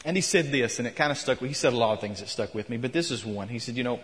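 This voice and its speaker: A man's voice: medium pitch, lively intonation, very fast, few pauses, a bit bright. A man preaching a sermon in a church, telling a story and retelling quotes with rising emphasis. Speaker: pastor. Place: church sanctuary. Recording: long hall reverb.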